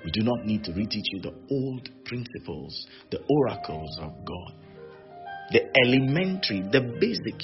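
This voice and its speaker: Man, pastor, sermon, animated, lively pitch, faint music behind. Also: moderate pace, lo-fi sound. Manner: animated, mock-wailing and teasing.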